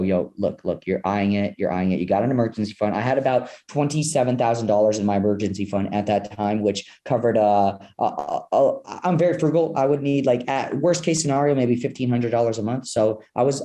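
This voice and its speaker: A young man, a podcast guest, telling an animated story and acting out his own past reactions. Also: medium pitch. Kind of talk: energetic storytelling.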